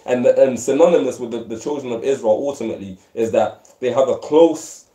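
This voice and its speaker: A man leading a casual religious discussion, talking fast with profane street slang and a preachy tone. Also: medium pitch, warm tone. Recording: echoey room.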